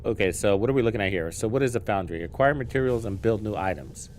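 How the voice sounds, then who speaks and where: A man live-streaming a game, chatting casually, thinking out loud and swearing freely as he learns the menus. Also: fairly low pitch, lively intonation, fast talker, a little hiss or hum.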